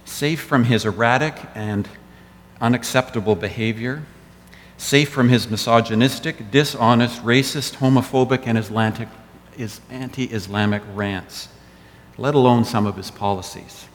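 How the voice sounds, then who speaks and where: A man's voice: medium pitch, moderate pace, slight background noise. A man giving a sermon as pastor, telling stories with wry asides. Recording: echoey church hall.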